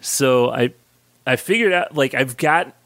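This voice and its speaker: A man co-hosting a podcast in casual chat, talking in an easygoing way that stops and restarts often. His voice has a middle pitch. The sound is close and dry, with no echo. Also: expressive, fairly bright tone. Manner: easygoing, halting talk with fillers and restarts. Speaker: podcast co-host.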